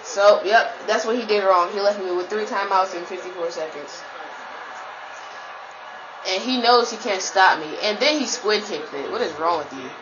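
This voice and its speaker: A woman commentates her own football video game live, talking trash at her opponent in a mid-pitched voice and jumping into sudden high-pitched shouts when a play goes her way. The sound is a little muffled and lo-fi, like a basic home microphone. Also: normal speed, noisy background.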